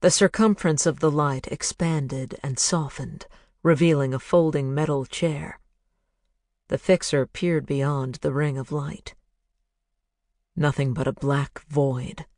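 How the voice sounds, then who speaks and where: An audiobook narrator reading a thriller in a measured, hushed voice. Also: medium pitch, fairly even intonation, dry recording, studio quality. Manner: measured, hushed, building to intense.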